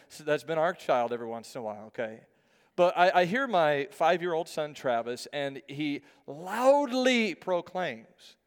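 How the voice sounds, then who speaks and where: A man in his thirties preaching from the pulpit, telling a lively family story and reading scripture. His voice sits a little high and comes across smooth and resonant. A long reverb fills the church around him. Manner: storytelling, animated, acts out a child's shouts. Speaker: pastor. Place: church sanctuary. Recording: reverberant hall.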